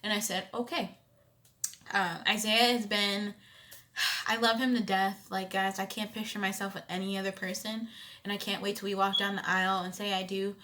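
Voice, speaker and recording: A young woman with a bright, forward tone tells a personal story straight to her viewers. She talks in an animated, conversational way, often checking in with "you know what I'm saying," and now and then jumps into loud emphatic bursts. Her pitch sits right in the middle for a woman. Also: normal speed, slight background noise. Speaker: vlogger. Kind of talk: storytime vlog.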